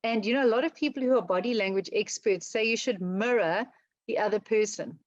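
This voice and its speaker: A woman with a South African accent giving an online talk on job interviews, speaking fast and chatty with many ums and restarts. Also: mid-range voice, no echo, dull audio. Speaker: webinar presenter on interview skills. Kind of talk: casual webinar talk.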